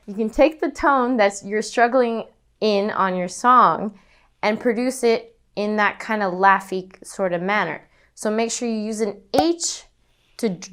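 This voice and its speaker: A young woman teaches singing with a smooth, resonant voice at a middling pitch. She explains each breathing exercise calmly and in order, then demonstrates it herself. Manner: instructive, demonstrates breathing and panted notes. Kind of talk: vocal lesson demonstration.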